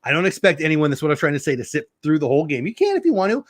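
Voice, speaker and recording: A man's voice: on the high side, huge pitch swings, very fast, no echo, clean studio sound. A middle-aged man hosting a casual live stream, chatting and greeting viewers by name. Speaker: YouTube live stream host.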